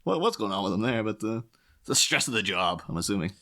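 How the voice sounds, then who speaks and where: A man's voice: fairly low pitch, big pitch swings, fast talker, bright, forceful tone. A man co-hosting a podcast, chatting casually about a film, rambling with many fillers and frequent laughs. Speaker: podcast co-host. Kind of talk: casual film commentary chat.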